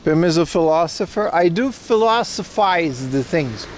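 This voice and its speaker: Chatty streamer walking outdoors. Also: male voice, on the high side, expressive, normal speed, slight background noise. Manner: chatty, joking, talks to chat. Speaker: livestreamer. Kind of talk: casual IRL stream chat. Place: outdoors on a street.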